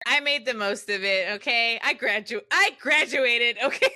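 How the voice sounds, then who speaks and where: Loud, passionate, bright-voiced woman. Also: a little high, moderate pace. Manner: loud, passionate, swears freely. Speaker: podcast co-host. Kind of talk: casual chat.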